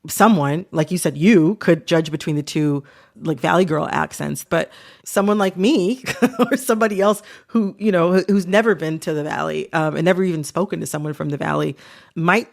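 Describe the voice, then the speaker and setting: Podcast host lady, low-ish gravelly voice, chatty, says like a lot. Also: normal speed. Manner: casual and animated, many filler "like"s. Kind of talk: conversational podcast chat.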